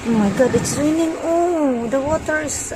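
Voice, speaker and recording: A woman's voice: high-pitched, moderate pace. A woman, chatting in casual English and telling a story in a moving car at night. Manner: chatty, non-native English, tells stories with quoted dialogue. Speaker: vlogger. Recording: loud car and road noise.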